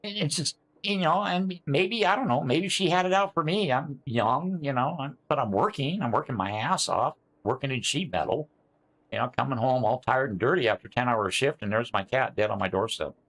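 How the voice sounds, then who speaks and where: An older man who streams sim racing rambles casually to his live chat, full of fillers and restarts, and answers viewers by name. His voice is mid-range and a bit bright, at a normal speed.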